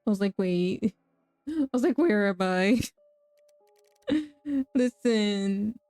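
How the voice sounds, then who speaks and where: A woman's voice: medium pitch, expressive, drawn-out words, dark tone, dry recording, faint music behind. A young woman streaming a horror game, talking to chat, laughing and shrieking at danger. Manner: talks to chat, self-mocking. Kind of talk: live gameplay commentary.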